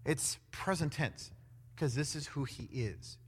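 A man preaching a sermon in an animated way, acting out quoted voices with big swings in loudness. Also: a little high, unhurried, husky. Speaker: pastor. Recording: long hall reverb.

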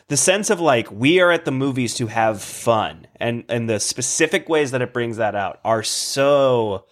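A man's voice: medium pitch, fairly bright tone. A man co-hosting a movie podcast, hesitant and searching for words, with many restarts. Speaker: podcast co-host. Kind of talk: casual movie discussion.

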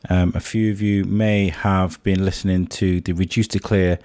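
A man hosting a podcast, husky and a bit hoarse from a cold, introducing the episode in a chatty, rambling way. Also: low voice, little pitch movement, moderate pace, a little mellow, dry recording. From England. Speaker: podcast host.

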